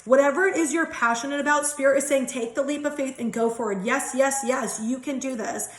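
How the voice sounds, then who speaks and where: Mulher tagarela numa sala com eco. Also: female voice, high voice, fairly quick, reverberant. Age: 30s. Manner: chatty, giggly, swears casually. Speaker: tarot and angel card reader. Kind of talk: casual spiritual card reading.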